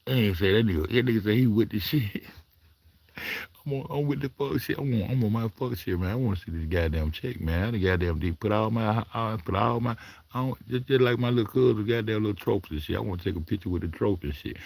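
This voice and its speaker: A man's voice: on the low side, fast talker, creaky, a little mellow, dry recording. A man hosting his own commentary vlog, rambling and swearing as he talks back at the footage on screen. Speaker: commentary vlogger. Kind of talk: profane reaction commentary.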